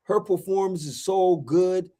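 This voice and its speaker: A man's voice: high-pitched, measured pace, mellow. A man co-hosting a podcast in a casual, emphatic way, repeating himself and talking in slang. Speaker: podcast co-host. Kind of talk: casual sports and movie chat.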